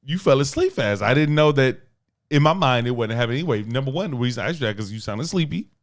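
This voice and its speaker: A man's voice: mid-range voice, animated, fast. Joking man co-hosting a podcast. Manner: joking, defensive banter. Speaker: podcast co-host. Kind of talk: casual couple chat.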